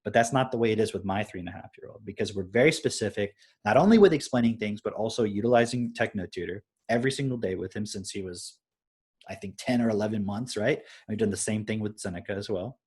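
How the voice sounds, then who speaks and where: A young adult man with a slightly husky voice talks casually on a live stream. He explains things through everyday stories, often pausing to ask "right?". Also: lowish voice. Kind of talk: casual parenting talk.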